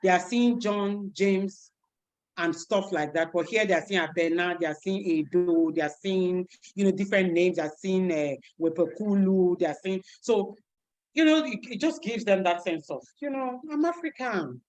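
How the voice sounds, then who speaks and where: A woman, a teacher giving an animated talk over a video call, who repeats words and acts out voices. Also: lowish voice, moderate pace, poor audio. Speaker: teacher and guest speaker.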